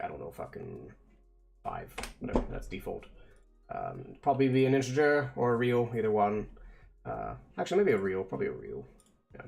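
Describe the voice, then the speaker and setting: A male streamer thinks out loud at a mid-pitched, everyday level, mumbling half-sentences and cursing under his breath while he debugs. He slips into plain step-by-step explanations of his code, with faint music playing behind him. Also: gravelly. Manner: mutters to himself, swears, frustrated debugging. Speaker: vtuber streamer. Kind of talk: casual coding stream talk.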